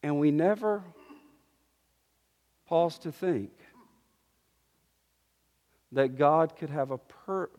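High-voiced preacher in a reverberant hall. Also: male voice, very slow, pauses often, darkish tone. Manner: earnest, teaching with repeated restarts. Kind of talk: sermon.

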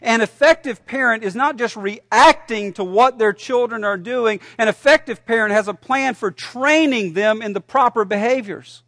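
A man preaching a sermon as a pastor, animated, telling a story and shouting punchlines. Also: very high voice, normal speed, few pauses, no room sound, clean studio sound. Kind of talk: sermon with a joke told.

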